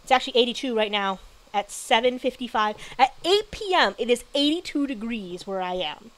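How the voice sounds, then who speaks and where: A woman's voice: fairly high pitch, lively intonation, brisk. A woman streamer giving casual gameplay commentary, chatty and grumbling, talking to the game's characters. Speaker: gaming streamer.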